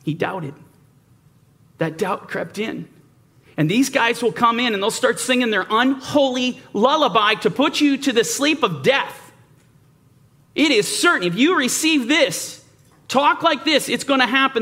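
A man's voice: very high voice, moderate pace, bright, forceful tone. A man preaching a sermon, emphatic, asking rhetorical questions and mimicking doubters. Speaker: Bible teacher.

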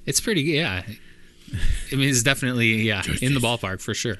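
A man's voice: mid-range voice, animated, a little fast, background noise. A man, chatting casually and giving blunt opinions. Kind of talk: casual chat.

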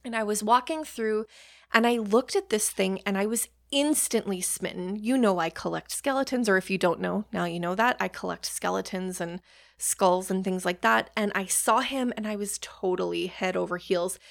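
A woman's voice: medium pitch, moderate pace, vocal fry. A young adult woman hosting a podcast, telling personal stories in a chatty, casual way with casual swearing and self-deprecating asides. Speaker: podcast host. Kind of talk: casual storytelling monologue.

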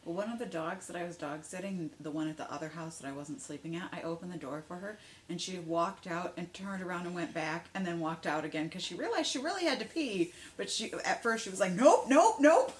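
A woman's voice: lowish voice, fast, a little hiss or hum. A woman co-hosting a podcast in casual chat, telling stories with lots of giggles. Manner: giggly storyteller, animated delivery. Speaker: podcast co-host.

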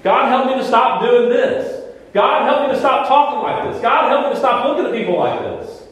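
Man, pastor, sermon, high voice, animated, echoey church, distant mic. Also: moderate pace. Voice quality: conversational, animated preaching with rhetorical questions. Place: church sanctuary.

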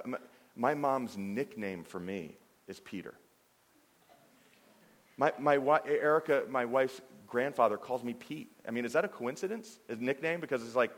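A man preaching a sermon, animated and conversational, with frequent restarts and "I mean" fillers. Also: mid-range voice, normal speed. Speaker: pastor. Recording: long hall reverb.

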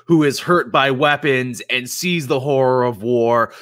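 A man's voice: medium pitch, a little slow, a bit bright. A man co-hosting a podcast, chatting casually with wry asides. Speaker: podcast co-host. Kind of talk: casual chat.

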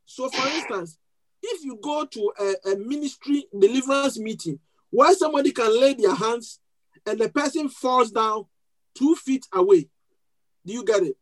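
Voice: medium pitch, expressive, moderate pace, poor audio. A pastor with a foreign accent delivers a sermon to a live congregation, drawing them in with questions and call-and-response. Key words are repeated for weight, with frequent restarts between phrases. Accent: non-native accent. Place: church service before a congregation.

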